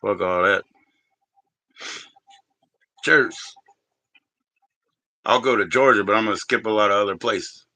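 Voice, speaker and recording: A man's voice: on the low side, unhurried, pauses often, pushed and bright, no room sound. A man in his thirties hosting a livestream, chatting casually with viewers in a rambling, profane way and laughing often. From Southern Italian heritage. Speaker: livestream host.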